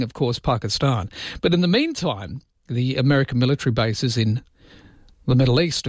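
An Australian man talks through his morning radio show in a relaxed, joking way. His voice sits at an ordinary middle pitch, recorded close and dry with no room sound. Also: dry recording. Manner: chatty, joking, dips into mock voices. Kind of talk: casual morning radio chat.

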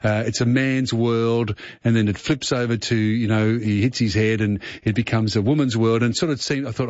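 A man's voice: medium pitch, fairly even intonation, normal speed, few pauses, darkish tone, no room sound. A man hosting a radio show, chatting about movies in a rambling, casual way. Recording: muffled radio broadcast.

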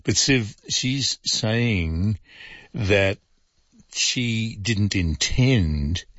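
A man with an Australian accent, hosting a talkback radio show, reading out listener messages and giving his opinions in an unhurried, musing way with many "uh" pauses. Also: lowish voice, expressive, a bit bright, no echo, highs cut off. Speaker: fill-in presenter.

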